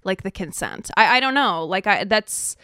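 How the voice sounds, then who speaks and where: A woman co-hosting a podcast, working through a serious topic in casual chat. She talks thoughtfully and hesitates as she goes, in a smooth, clear voice. The studio sound is close and dry. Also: medium pitch, lively intonation, moderate pace, bright, forceful tone, dry recording. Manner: thoughtful, hesitant, with fillers and restarts. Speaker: co-host.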